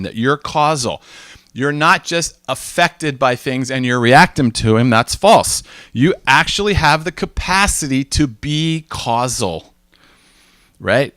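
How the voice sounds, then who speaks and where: Animated American man telling a story. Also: medium pitch, no room sound, clean studio sound. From United States. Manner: animated storytelling, acts out quoted exchanges, frequent restarts. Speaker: speaker. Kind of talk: informal talk to a group.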